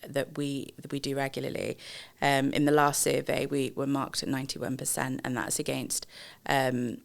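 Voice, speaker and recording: A woman, a customer experience director, explaining in a measured way with frequent pauses and fillers in a podcast interview. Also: extremely low pitch, little pitch movement, gravelly. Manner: measured, explanatory, many ums.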